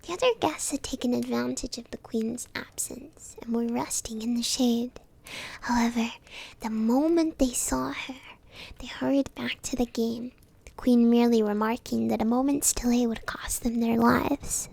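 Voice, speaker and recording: A woman streamer softly whispering a bedtime story as a whispered role-play into a close mic. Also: a little high, steady tone, moderate pace, gravelly, slightly rough. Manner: soft unvoiced whispering.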